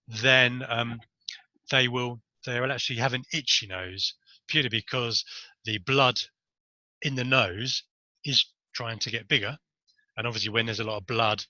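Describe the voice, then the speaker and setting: Bright-voiced chatty man on camera. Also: mid-range voice, dry recording, lo-fi sound. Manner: rambling, chatty, jokey asides. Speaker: body language speaker. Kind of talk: casual talk to camera.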